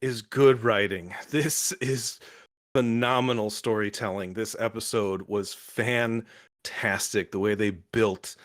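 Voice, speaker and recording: A young man recaps with raw, excitable energy, cursing freely and jumping into little acted-out quotes. His voice sits low in pitch. The sound is close and dry, with almost no room around it. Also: takes it slowly, no room sound. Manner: excitable, swears often, acts out quotes in shifting pitch. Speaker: podcast co-host reviewing a show. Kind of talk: emotional casual recap.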